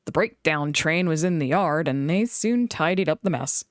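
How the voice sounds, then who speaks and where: A woman reading a children's book aloud in an expressive storytelling voice. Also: low voice, moderate pace, no room sound, studio quality. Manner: expressive, animated read-aloud.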